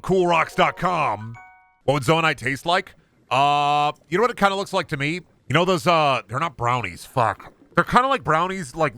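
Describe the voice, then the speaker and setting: A young man streams a game with loose, excitable commentary, cursing often and bantering with himself and his chat. His voice swings widely in pitch and carries a bright, forward edge. Faint game music plays underneath. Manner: excitable, swears a lot, talks to himself and chat. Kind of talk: casual gameplay commentary.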